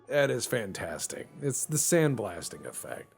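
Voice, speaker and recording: A man's voice: deep voice, very animated, unhurried, vocal fry, slightly rough, faint music behind. A man casually commenting on a naval strategy game he is playing, joking and sarcastic, now and then doing silly little voices. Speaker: gameplay commentator. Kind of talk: casual let's-play commentary.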